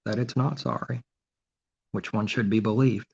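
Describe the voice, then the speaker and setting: A preacher gives an informal sermon in a fairly low, gravelly, husky voice with a darkish tone, keeping a steady tone and normal speed. He poses rhetorical questions and answers them himself, often with mocking sarcasm. The recording is dull and lo-fi.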